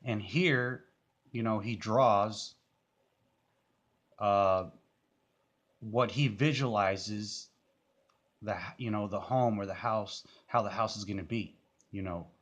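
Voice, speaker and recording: A man's voice: lowish voice, slow pace, pauses often, a bit bright. A man giving casual, rambling commentary on a music video, full of fillers and restarts.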